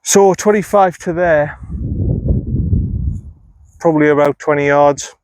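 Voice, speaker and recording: Slow and a little mellow, a slightly high male voice narrates a solo round on an outdoor golf course. The golf vlogger talks to himself and picks apart his own shots, recorded on a phone camera with no echo.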